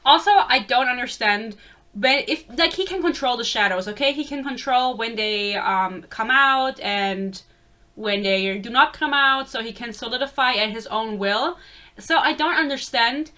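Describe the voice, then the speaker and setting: A woman's voice: a little high, normal speed, pushed and bright. A young woman giving a casual, sarcastic book review rant, swearing freely and chatting.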